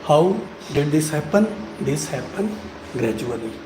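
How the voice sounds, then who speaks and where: A man giving a live-stream lesson, talking slowly and deliberately to encourage learners. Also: on the high side, expressive. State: sweating from the heat. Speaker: English speaking teacher. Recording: echoey room with background noise.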